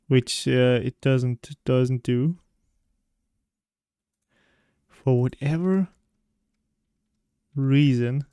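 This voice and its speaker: A man's voice: mid-range voice, vocal fry, warm tone, clean tone, no room sound, studio quality. A man streaming a video game, chatting casually and rambling while he plays. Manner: rambling, chatty, often laughing. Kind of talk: casual gameplay chat.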